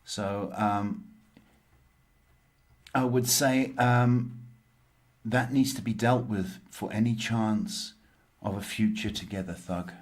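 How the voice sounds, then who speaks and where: A man hosting a live-stream psychic Q&A, answering viewers in a halting way with many pauses and ums. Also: fairly low pitch, fairly even intonation. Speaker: psychic reader and host.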